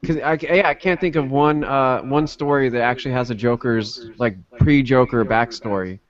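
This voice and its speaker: Podcast co-host: man, mid pitch, laid-back, hesitant, lots of ums, dull lo-fi sound. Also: normal speed. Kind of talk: casual chat.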